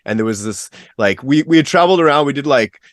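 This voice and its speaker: A man co-hosting a casual podcast, telling a story in quick, excited bursts. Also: medium pitch, no echo, studio quality. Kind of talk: casual chat.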